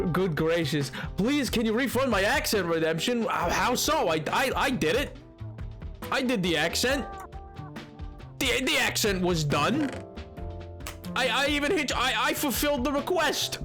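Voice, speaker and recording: High-voiced excitable male streamer. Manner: excitable, joking, frequent exclamations. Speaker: livestreamer. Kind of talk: casual stream chat.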